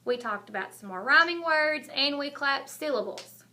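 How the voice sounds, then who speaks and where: A kindergarten teacher talks to young children in a recorded video lesson. She speaks slowly and clearly, in a high, bright voice that keeps the talk encouraging. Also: expressive.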